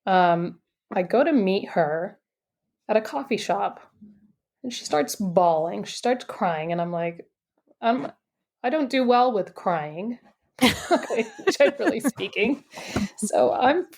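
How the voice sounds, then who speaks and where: A woman's voice: mid-range voice, lively intonation, slow, vocal fry, long pauses, a little mellow, husky. A woman guest who works as an intuitive coach tells a story in a casual, chatty way. She acts out the dialogue with shifts in her voice and fills her speech with "like" asides. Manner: chatty, many "like" and "I'm like" asides.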